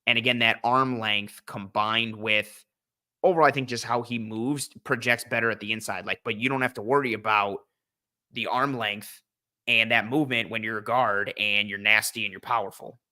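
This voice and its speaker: A young man with a lowish, steady, sharp-toned voice hosts a relaxed football draft podcast at a moderate pace. He meanders, restarting sentences, dropping fillers, and humming to himself mid-thought.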